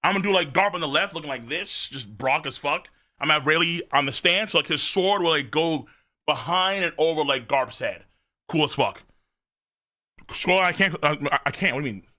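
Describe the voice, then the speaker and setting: A man reacting live to a manga chapter on stream, excitable and profane, reading lines aloud and shouting at big moments. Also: fairly high pitch, fairly quick, no room sound, studio quality.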